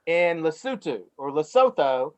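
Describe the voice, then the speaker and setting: A man's voice: on the high side, big pitch swings, a little slow, a crowd in the background, poor audio. Folksy Southern man with a North Carolina twang. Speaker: guest, cannabis company CEO. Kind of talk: casual interview conversation.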